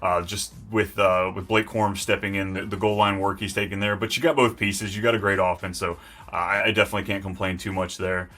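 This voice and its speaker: A man hosting a live fantasy football stream, talking in an excitable, hyped and rambling way. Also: low-pitched, fairly quick. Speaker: host.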